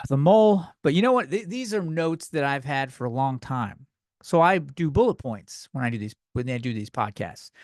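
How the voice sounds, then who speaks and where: A young man hosting a comedy podcast, ranting in a profane, worked-up way and getting loud at times. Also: medium pitch, lively intonation, moderate pace, dry recording, clean studio sound. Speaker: podcast host. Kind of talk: comedic rant.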